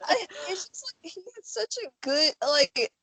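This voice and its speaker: A woman's voice: extremely high pitch, animated, unhurried, sharp tone. A woman co-hosting a podcast in casual chat, enthusiastic and jokey. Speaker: podcast co-host.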